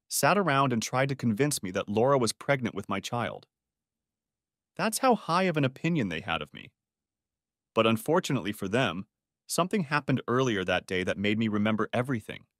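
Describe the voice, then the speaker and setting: A bitter, worn-down husband, voiced by a male reader, talks in a weary, self-mocking way. His pitch moves in lively swings, and the sound is dry and close to the mic. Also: no echo, close to an everyday voice. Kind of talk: audiobook character voice.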